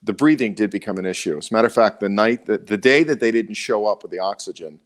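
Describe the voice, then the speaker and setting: A middle-aged man with a Baltimore accent, talking on a live chat show in a low-pitched voice. He sounds worn out after an illness, earnest and halting, often breaking off and starting his sentences again. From Baltimore, USA. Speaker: co-host.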